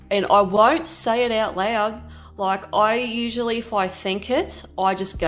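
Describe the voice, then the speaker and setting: A woman's voice: medium pitch, a little slow, fairly bright tone, soft background music. A woman in her thirties chatting candidly while she paints, rambling and swearing casually. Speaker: art vlogger.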